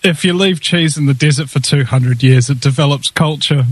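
A man's voice: on the high side, moderate pace, slightly rough, no room sound. A man with a New Zealand accent hosting an interview show, jokey and rambling. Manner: jokey, rambling, many uh fillers. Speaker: host.

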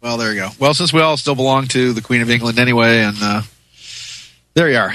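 A man's voice: medium pitch, quick pace, pushed and bright, low-quality recording. A man as a talk show guest, rambling with many restarts in a chummy way. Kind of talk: casual interview chat.

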